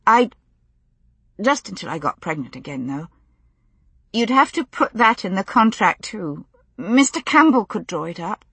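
Woman reading as a blunt young pregnant woman, earnest and halting, husky voice, lively pitch. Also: no echo, exaggerated voice.

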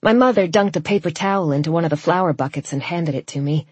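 A woman reading a first-person novel aloud, with wry, lively narration and voiced dialogue. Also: lowish voice, quick pace, husky, dry recording. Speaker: audiobook narrator.

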